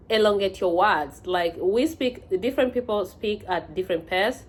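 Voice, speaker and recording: A woman's voice: mid-range voice, lively intonation, normal speed, hardly any pauses, breathy edge. A woman from Kenya with a Kenyan accent, giving casual advice in a vlog, talking conversationally with many fillers and restarts.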